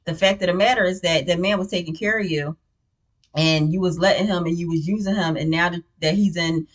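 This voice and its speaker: A woman's voice: on the low side, steady tone, fairly quick. A woman recapping a reality show in casual, blunt, opinionated chat, with many "you know what I'm saying" fillers.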